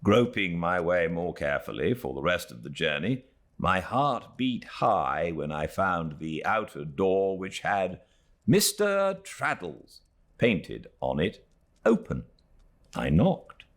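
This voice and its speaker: A man's voice: low voice, animated, takes it slowly. A British man reading a classic novel aloud as an audiobook narrator at home by a fireplace, telling the story expressively. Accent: British English. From Britain.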